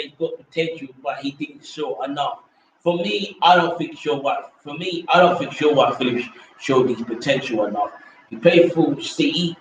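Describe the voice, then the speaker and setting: A man's voice: on the high side, dull audio, a little hiss or hum. A man hosting a casual football rant, rambling, repeating himself and dismissing players in slang. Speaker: host. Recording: echoey room from far off mic.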